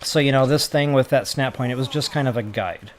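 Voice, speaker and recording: A man giving casual gameplay commentary for a building tutorial, chatty and self-mocking as he thinks out loud. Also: mid-range voice, brisk, slight background noise. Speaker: gaming tutorial creator.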